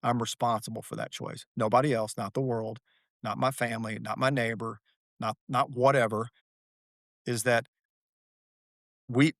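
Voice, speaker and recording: A man's voice: mid-range voice, no echo, studio quality. A man, a podcast guest, speaking earnestly and telling his story with a flair for drama, repeating key phrases for weight. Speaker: guest, author and athlete. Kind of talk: reflective podcast conversation.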